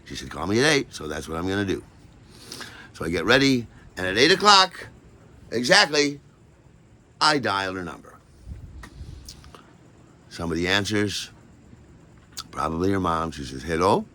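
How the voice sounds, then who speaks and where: An older man telling a personal story in an animated way, acting out every voice and lingering on words. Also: low voice, unhurried, long pauses.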